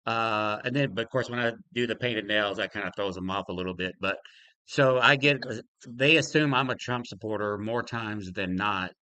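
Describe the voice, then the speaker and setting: A man's voice: lowish voice, normal speed, sharp tone, clean tone, dry recording. An older man hosting a casual live-stream talk show, easygoing and chuckling, loose with fillers. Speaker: podcast host taking callers.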